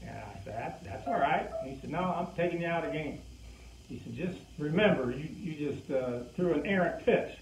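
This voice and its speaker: An older man, a former pitcher, telling a lively anecdote and acting out the lines of the people in it. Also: moderate pace, slight background noise. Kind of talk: anecdotal storytelling. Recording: distant echoey muffled recording.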